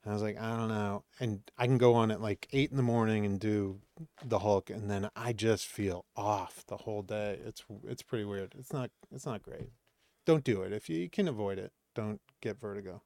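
A man from Maine telling stories as a podcast guest, animated and acting out the voices of people in his anecdotes. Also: fairly low pitch, normal speed, dry recording, clean studio sound. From Maine, USA. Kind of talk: casual storytelling chat.

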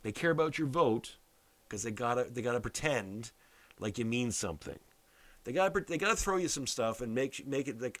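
A man's voice: medium pitch, lively intonation, fairly quick, a bit bright, no echo. A man from Canada giving a blunt, sarcastic political rant, swearing heavily.

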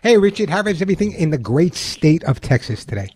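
A man's voice: on the high side, very animated, quick pace, darkish tone, slightly rough. A man from Long Island hosting a call-in pet radio show, chatty and jokey, often repeating the phone number. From Long Island, New York. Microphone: studio microphone.

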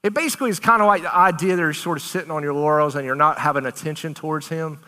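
A man with a bright, forceful voice preaches with passion, pressing hard on his points and then slipping into easy talk with his listeners. He sits a little high in his voice. The sound rings out with a long reverb, as in a large hall. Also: very fast. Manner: animated, emphatic, conversational preaching with Southern turns of phrase. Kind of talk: sermon.

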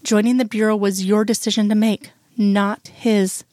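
Woman reading as a gently reassuring man. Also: medium pitch, flat delivery, normal speed, no echo, clean studio sound, lightly acted. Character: steady, wry grown man comforting his partner.

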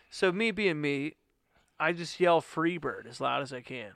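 Man, casual storytelling, gravelly bright voice, crisp and dry, animated and profane. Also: a little high, moderate pace, no room sound. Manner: animated, profane, acts out quotes loudly.

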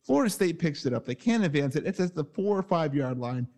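Man, podcast host, casual chat, lively pitch, video call. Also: fairly quick. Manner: animated, excitable storytelling.

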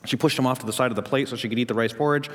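A man's voice: medium pitch, fairly even intonation, very fast, fairly bright tone. Male pastor, mid-range voice, sermon delivery in a reverberant sanctuary. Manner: storytelling preacher, rising to emphatic questions. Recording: long hall reverb.

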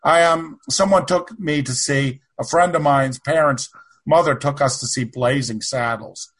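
A man's voice: a little high, measured pace, a bit bright, slightly rough. A man telling loose, self-correcting anecdotes in a casual podcast chat about films. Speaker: panel guest.

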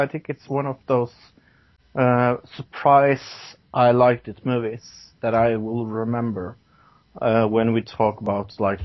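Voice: medium pitch, no echo. A podcast host chatting casually about movies, hesitant with many fillers. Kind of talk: casual chat. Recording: dull lo-fi, dry sound.

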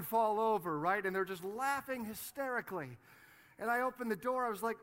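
A man's voice: sits high, expressive, normal speed, fairly bright tone. A man in his forties, a pastor delivering a sermon, telling a story in a conversational way with frequent "you know" and "right". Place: church sanctuary.

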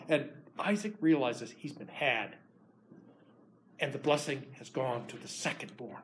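A man preaching a sermon, retelling a Bible story in an animated, lively way. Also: medium pitch, a little slow, a little hiss or hum.

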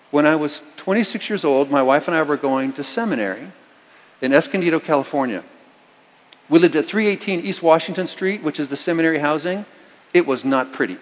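A middle-aged male pastor delivering a storytelling sermon, his voice a touch higher than most men's. He swings from easy narration to sudden forceful bursts. The sound carries a long reverb from the church hall. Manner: storytelling, animated with sudden loud emphatic lines.

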